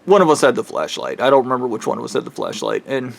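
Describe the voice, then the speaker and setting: A man's voice: mid-range voice, big pitch swings, quick pace, creaky. A man telling a true spooky story in a casual, rambling way, swearing and correcting himself as he goes.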